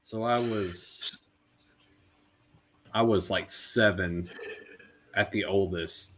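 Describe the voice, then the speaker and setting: A man in his thirties co-hosting a podcast, telling stories in an animated way with lots of fillers and laughs. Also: deep voice, a little hiss or hum. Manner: animated storyteller, quick to laugh, many "like" fillers. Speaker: podcast co-host. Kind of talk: casual chat.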